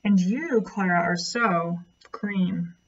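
A woman's voice: lowish voice, slow pace, dull audio. A woman voicing a vain, haughty female butterfly with a snooty, scornful manner.

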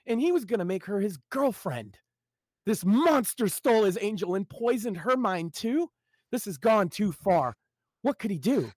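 A man's voice: sits high, big pitch swings, normal speed, dry recording. A man reading his own short story aloud live on a stream, in a dramatic, wry storytelling manner.

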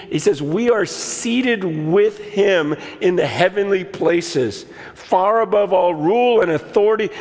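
A man in his fifties preaching a sermon, telling stories with animated restarts and quoted asides. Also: high voice, long reverb tail. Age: 50s. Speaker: pastor.

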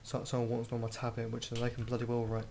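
A man's voice: medium pitch, completely flat delivery, fast, vocal fry, noisy background. A man doing gameplay commentary, jumpy and exclaiming, muttering mild swears. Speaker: gamer.

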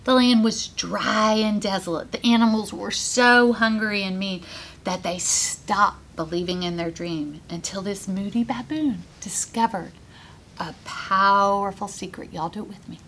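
A woman's voice: medium pitch, measured pace, slight background noise. A woman author reading her picture book aloud to children, coaxing them to join in with sounds and actions. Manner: animated, coaxing kids to join in.

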